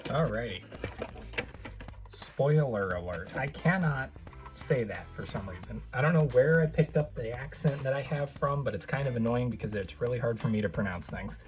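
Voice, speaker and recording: A young man at a middle pitch chats his way through a toy car unboxing in his home studio. He rambles, corrects himself mid-sentence and wanders into asides. Faint music plays underneath. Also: expressive, brisk. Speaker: toy car reviewer, channel host. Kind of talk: casual unboxing vlog talk.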